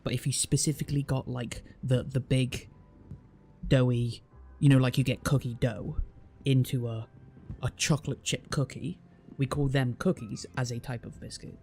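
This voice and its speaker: Gravelly British man chatting. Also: medium pitch, steady tone, moderate pace, a little mellow, faint music behind. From Britain. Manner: chatty, restarts a lot, explains at length. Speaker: streamer. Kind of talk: casual chat reading viewer comments.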